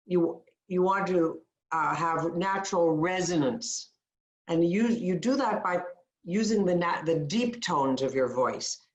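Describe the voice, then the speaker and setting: A woman's voice: fairly low pitch, reverberant. A woman coaching a webinar audience on voice, explaining with demonstrations and encouraging tips. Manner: demonstrative, gives upbeat guided tips. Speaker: communication coach.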